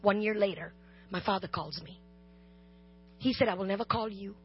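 A woman preacher delivers a sermon woven with personal testimony, funny and impassioned, addressing the congregation directly. Her voice is medium-pitched at a normal speed, captured on a dull lo-fi recording with a little hiss or hum.

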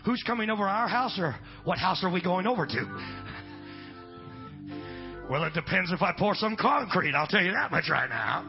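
A middle-aged pastor telling a story in a folksy sermon, dropping in amens and swinging between loud and hushed. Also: male voice, sits high, big pitch swings, moderate pace, creaky, pauses often. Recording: dull lo-fi recording with faint music.

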